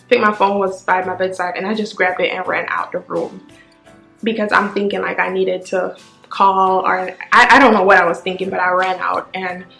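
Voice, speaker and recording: A woman's voice: medium pitch, a bit bright. Casting: woman vlogger, raw and emotional storytelling, echoey room, faint music under her. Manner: raw, tearful retelling with sudden rises.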